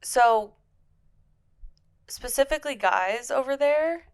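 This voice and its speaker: A young woman co-hosting a podcast in casual chat, talking in a lively, chatty way and laughing easily. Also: high-pitched, smooth. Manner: chatty, animated, quick to laugh. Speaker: podcast co-host.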